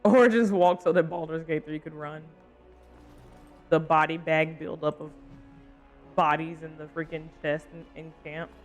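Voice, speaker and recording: A man with a high voice plays a role-playing game live. He rambles, cracks jokes and keeps talking to his chat as he goes. Faint music plays behind him. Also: steady tone, unhurried, long pauses. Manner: rambling and joking, talks to chat. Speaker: streamer. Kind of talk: casual gaming livestream commentary.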